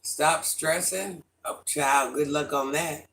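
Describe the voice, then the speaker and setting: A middle-aged man chatting casually on a livestream, greeting viewers by name and answering their comments in an animated way. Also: fairly high pitch, slow, gravelly, slight background noise. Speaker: livestream host.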